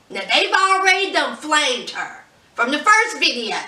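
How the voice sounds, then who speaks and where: A woman's voice: high voice, big pitch swings, a little slow, sharp tone. A woman vlogger chatting casually about celebrity news in a sassy, gossipy way. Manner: chatty, sassy, says "honey". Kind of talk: casual pop-culture commentary. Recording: roomy echo, distant mic.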